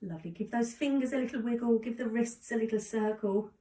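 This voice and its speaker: A woman calmly guiding a yoga class with encouraging cues. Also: a little high, a little fast. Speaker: yoga instructor. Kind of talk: guided exercise instruction. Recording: echoey room, distant mic.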